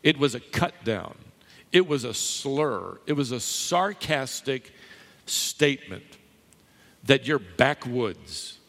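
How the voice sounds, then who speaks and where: A man preaching in a large church hall, his voice sitting a little high and carrying a long reverb tail. He delivers the sermon emphatically to a live congregation and teases them now and then. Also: a bit bright.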